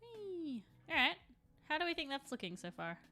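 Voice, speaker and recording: Young woman streamer rambling on while she paints, bright voice, a bit of music playing behind. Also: sits high, sing-song, fast talker. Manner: chatty, rambling, laughs often. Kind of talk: casual live-stream chat.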